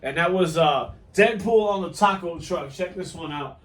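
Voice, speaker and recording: Brief: male toy-review host, higher voice, roomy sound from off the mic. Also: moderate pace, distant mic. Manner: joking, teasing, laughs often. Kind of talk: casual unboxing chat.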